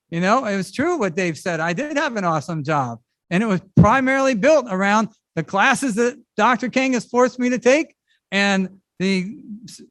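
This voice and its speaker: Middle-aged male pastor, high-pitched and conversational, animated sermon delivery, dry recording. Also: no echo. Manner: conversational and animated, with casual asides. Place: church service.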